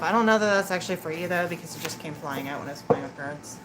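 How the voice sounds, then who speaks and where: A tarot reader does a live-stream reading, talking fast in a low-pitched voice. She chats and teases with her viewers, laughing often, and background noise is clearly audible.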